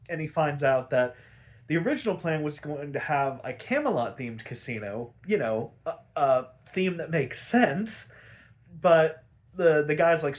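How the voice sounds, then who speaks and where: Young man, cursing, exasperated recap. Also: on the high side. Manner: profane, gets worked up and exasperated; rambling with many "like" fillers. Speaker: show recap host. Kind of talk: casual episode recap.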